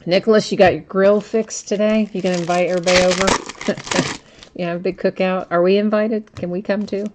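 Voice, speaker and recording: A woman's voice: mid-range voice, fairly even intonation, fairly quick, heavy background noise. A woman hosting a live card-opening stream, chatting with viewers by name and patiently explaining how the rules work. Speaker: card break host. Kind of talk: casual live-stream chat. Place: indoors at a table.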